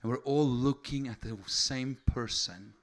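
A man's voice: medium pitch, steady tone, measured pace. A man preaching a sermon. He talks casually at first, then builds to fervent, raised delivery. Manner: conversational, builds to fervent shouting.

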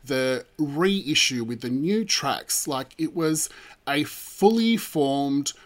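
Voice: medium pitch, animated, slow pace. Podcast co-host, casual chat, wry, enthusiastic. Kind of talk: casual pop culture chat.

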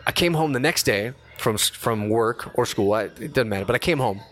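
A man in his forties, a radio host by trade, chats casually on a podcast. He tells a story in a slangy, animated way and throws himself into quoted voices along the way. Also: medium pitch, fairly quick, soft background music.

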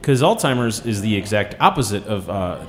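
A man's voice: lowish voice, big pitch swings, a little fast. Playful man hosting a radio interview. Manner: teasing, playful questioning. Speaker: radio show host. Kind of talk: casual interview.

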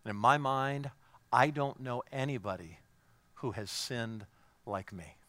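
A man preaching a sermon to a congregation, asking them direct questions and swinging between hushed, near-whispered intimacy and raised, emphatic declarations. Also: mid-range voice, measured pace. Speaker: pastor.

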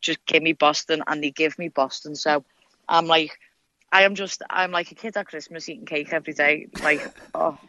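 Scouse accent, young woman, blunt storyteller, bright tense voice, dull lo-fi sound. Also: low-pitched, fairly even intonation, no echo. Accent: Liverpool Scouse. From Liverpool, England. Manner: blunt, swears freely, rapid storytelling. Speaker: guest fighter. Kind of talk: casual interview chat.

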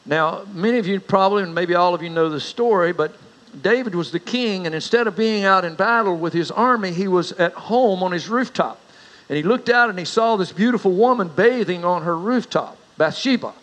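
A middle-aged man with a drawl delivers a sermon, weaving in homespun stories with a folksy touch. His voice sits somewhat high for a man. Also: brisk, fairly bright tone, rough recording. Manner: folksy storyteller, rises in pitch for anecdotes. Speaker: pastor.

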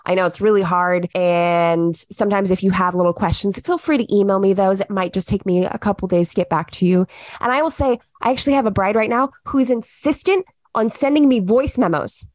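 A young woman hosting a podcast, giving casual advice in an animated way and acting out what she tells her clients. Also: medium pitch, fairly quick, no room sound, studio quality. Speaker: podcast host, wedding planner.

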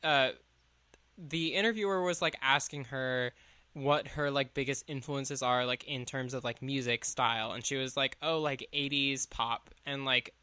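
Bright-voiced man rambling casually. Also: mid-range voice, normal speed, clean tone, dry recording. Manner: rambling, heavy use of "like", trailing off. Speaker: podcast co-host. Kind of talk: casual chat about music.

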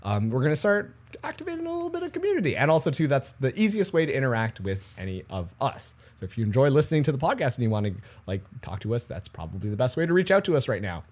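A man's voice: medium pitch, wildly swooping pitch, fast talker, a little mellow. A man hosting a casual comedy podcast, joking and laughing with sarcastic asides. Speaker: podcast host.

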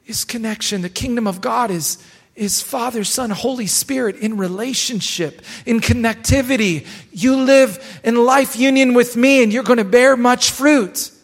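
High-voiced pastor preaching in a reverberant church. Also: male voice. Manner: exhorting, repeats phrases for emphasis. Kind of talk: live sermon. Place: church sanctuary. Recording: long church hall reverb.

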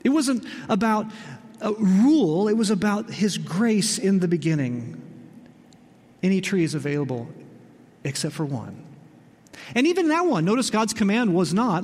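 A pastor preaching a sermon in an expressive, emphatic way, slowing down on key phrases. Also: male voice, sits high. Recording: long reverb in a large hall.

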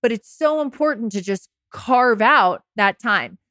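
A woman's voice: a little high, lively intonation, a little slow, a bit bright, no room sound, studio quality. A woman podcast host coaching listeners through heartbreak in a casual, candid monologue, swearing now and then and laughing at herself.

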